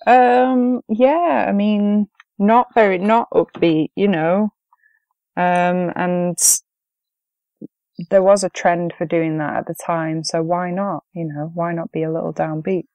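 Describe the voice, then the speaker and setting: Low-voiced woman co-hosting a film podcast. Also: fairly even intonation, takes it slowly, dry recording, lo-fi sound. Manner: easygoing, chatty with frequent ums. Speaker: podcast co-host. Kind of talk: casual film review chat.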